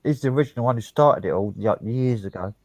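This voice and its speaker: A man's voice: medium pitch, lively intonation, quick pace, darkish tone, no room sound. A man chatting casually, blunt and heated, swearing heavily as he speaks. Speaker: podcast co-host. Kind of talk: casual chat.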